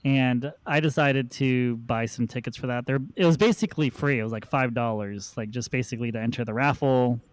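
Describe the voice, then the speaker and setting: A man's voice: medium pitch, fairly even intonation, a little fast, hardly any pauses, dry recording. A man hosting a podcast, telling long rambling anecdotes in a casual chat. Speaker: podcast host.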